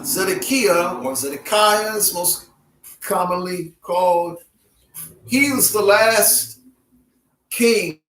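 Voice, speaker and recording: A man lectures on Bible history, slow and deliberate, stopping to repeat each name in its alternate pronunciations. His voice sits high for a man. He sounds far from the mic in a roomy, echoing space. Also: fairly bright tone. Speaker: Bible teacher.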